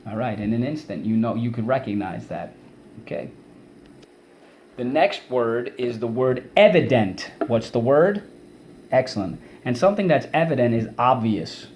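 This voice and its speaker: A male teacher giving an online vocabulary lesson to kids, energetic and repeating words and syllables for students to say back. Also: mid-range voice, normal speed, slight background noise.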